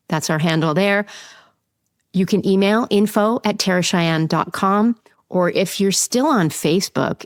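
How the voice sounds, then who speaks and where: A woman with a somewhat low voice hosts her podcast in a loose, joking way, laughing and swearing as she goes. The sound is dry and close, with a faint bed of music underneath. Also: dry recording. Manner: playful, swearing, laughing often. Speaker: podcast host. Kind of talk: casual interview chat and outro.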